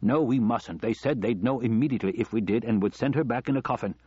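A frantic, shouting father, voiced by a man. His voice is husky and loud, and it breaks into sharp, agitated outbursts. The recording is dry and dull. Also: mid-range voice, fast, no echo, lightly acted. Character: panicked middle-aged male doctor, shouting father.

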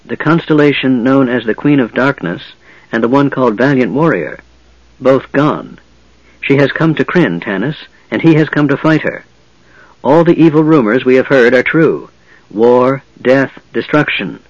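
A man voicing a frail, sickly young male mage with a raspy, breathless, wheezing voice in an audiobook. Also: medium pitch, expressive, normal speed, dry recording, highs cut off, natural voice. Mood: ominous. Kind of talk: audiobook character voice.

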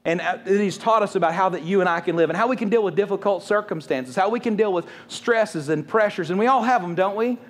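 A man preaching a sermon as a pastor, casual and conversational, joking and acting out what people say. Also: high voice. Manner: fast, conversational preaching with quick jokes and acted-out quotes.

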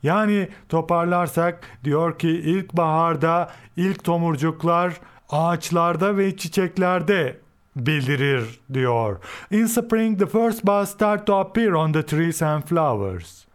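A man's voice: fairly high pitch, lively intonation, a little slow. A man whose first language is Turkish teaches English, repeating example sentences several times and then translating and explaining them.

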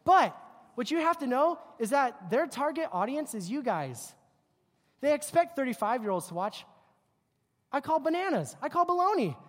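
A youth pastor giving a joking, animated sermon to a group of kids, working through slides and poking fun at teen habits. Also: high voice, moderate pace. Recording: long hall reverb.

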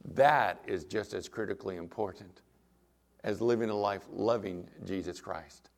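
A man's voice: on the low side, unhurried, creaky. A man preaching a sermon as pastor, emphatic, with rhetorical questions to the congregation.

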